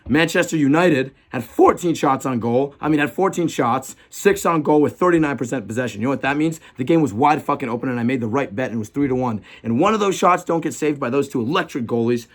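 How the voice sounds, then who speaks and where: A man hosting a casual podcast, talking loudly and excitably, swearing a lot as he banters with friends. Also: medium pitch, fast, few pauses. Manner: loud, profane, excitable. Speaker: podcast host.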